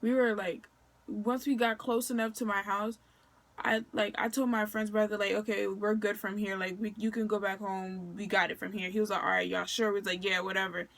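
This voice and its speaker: A woman's voice: medium pitch, level tone, brisk, vocal fry, a bit bright. A young woman from Maryland chats through a personal story for her vlog. She talks loosely, leaning on fillers and slang, and acts out what people said along the way. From Maryland, USA. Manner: chatty, filler-heavy, slangy retelling with quoted dialogue. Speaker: vlogger.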